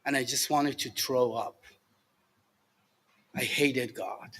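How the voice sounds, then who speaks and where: A middle-aged man from Iran with a Persian accent, sharing his recovery story to a group, halting and earnest with many fillers and restarts. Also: mid-range voice, steady tone, a bit bright, slightly rough. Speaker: recovery alumni speaker. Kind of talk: personal recovery share to a group. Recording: echoey hall with long reverb.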